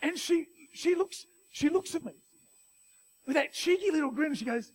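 A middle-aged man with an Australian accent, preaching a sermon through an animated personal story full of restarts. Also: very high-pitched, moderate pace.

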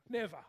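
A male pastor preaching a sermon in a chatty way, often asking the congregation questions. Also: a bit bright.

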